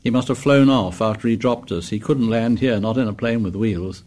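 A man narrating an audiobook in a measured, descriptive way. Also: lowish voice, a little mellow.

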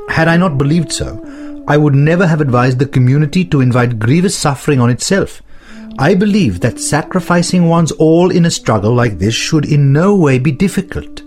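A man voicing an earnest male leader in a documentary, reading his letters and speeches in a measured, formal way. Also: on the high side, natural voice. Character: earnest male leader writing to followers and son. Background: music with sitar.

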